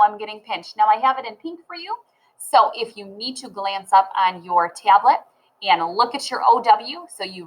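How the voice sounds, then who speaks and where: A woman teaching a phonics lesson to children, sounding out letters and words slowly and clearly. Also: mid-range voice, fairly bright tone, rough recording.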